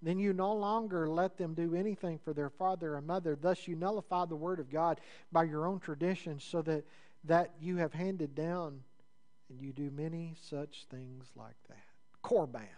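A man preaching a sermon in a conversational way, building up with rising emphasis and then dropping into low, quiet asides. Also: steady tone, moderate pace. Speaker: pastor.

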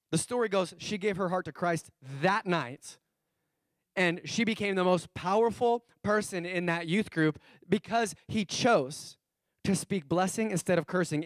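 A man preaching a sermon as pastor, telling stories with animated swings between soft asides and loud emphatic bursts, repeating key phrases slowly for emphasis. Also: high-pitched, no room sound, clean studio sound.

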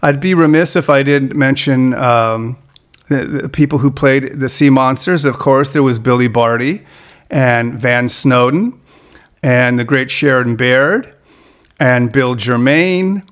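A man hosting a podcast interview, chatty and halting, with many fillers and restarts. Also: mid-range voice. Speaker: podcast host. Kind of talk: casual interview chat.

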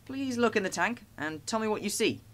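A man's voice: sits high, expressive, fairly quick, a bit bright, voice pushed up. A man voicing a polite, formal engine inspector in a storybook reading.

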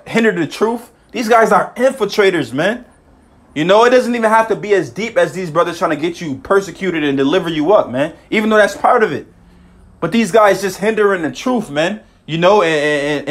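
Excitable and informal, a high-voiced bible teacher works through scripture, peppering his talk with "man" and "you know" while reading verses at a slow pace.

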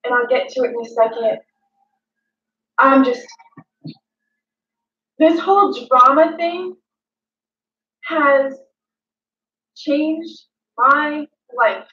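A woman's voice: high voice, drawn-out words, pauses often, bright, forceful tone, recorded from a distance, exaggerated voice. A woman playing a dramatic female influencer, ranting emotionally at her critics with repetition and swearing. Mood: indignant. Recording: dull, echoey room, mic set back.

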